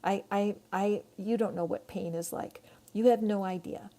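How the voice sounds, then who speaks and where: Bitter red flower lashing out, as a woman puts it on, with a gravelly edge. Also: medium pitch, steady tone, moderate pace, mellow, lightly acted. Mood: angry. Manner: snappish.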